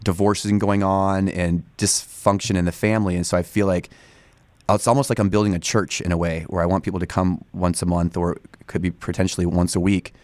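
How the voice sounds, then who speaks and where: Low-voiced man in his forties, rambling. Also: darkish tone, dry recording. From Northern California. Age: 40s. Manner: rambling, many restarts and fillers. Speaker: studio guest. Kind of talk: casual interview talk. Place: radio studio.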